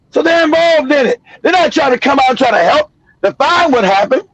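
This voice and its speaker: A man's voice: very high voice, no room sound, poor audio. A middle-aged man hosting a casual live stream, blunt and emphatic, repeating himself and laughing often. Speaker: show host.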